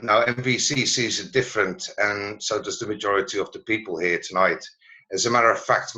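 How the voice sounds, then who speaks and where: Guy presenting on a video call, lowish voice but bright and forceful, stops and hunts for words a lot. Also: low-quality recording. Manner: halting, searching for words. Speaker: presenter at a learning network meeting. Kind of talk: online meeting presentation.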